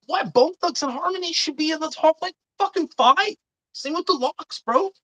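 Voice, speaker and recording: A woman's voice: high voice, normal speed, bright, forceful tone, no echo, rough recording. A woman hosting a live stream, chatting casually and swearing a lot as she gives blunt, indignant opinions.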